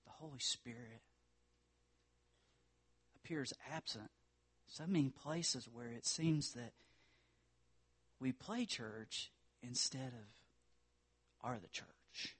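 A man's voice: mid-range voice, animated, slow, fairly bright tone, husky. A man preaching a sermon as pastor, earnest, lifting his voice for emphasis.

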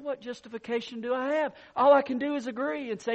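A man's voice: extremely high pitch, animated, fairly quick, hardly any pauses, darkish tone, dull audio. A man preaching a sermon, reading scripture and building to emphatic rising bursts. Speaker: pastor.

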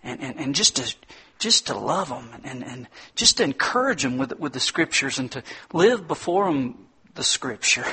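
Husky and fairly high-pitched, a middle-aged preacher speaks at normal speed while delivering a sermon. He tells folksy stories with animated flair, acting out the voices of the people in them.

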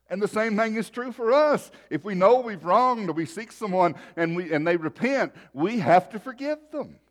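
Preacher guy, kinda high voice that jumps all over, folksy storytelling sermon. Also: very animated, moderate pace. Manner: folksy storytelling, shifting loud and soft. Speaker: pastor.

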